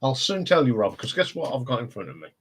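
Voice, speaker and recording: A man's voice: medium pitch, very animated, fast, a bit bright, a little hiss or hum. A man with a Northampton accent, hosting a casual live stream chat and rambling with frequent laughs. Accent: Northampton English. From England. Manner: chatty, rambling, laughs often.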